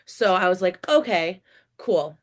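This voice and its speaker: A woman's voice: fairly low pitch, animated, unhurried. A woman co-hosting a podcast in casual chat, chatty and laughing often while she reads from her notes. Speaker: podcast co-host.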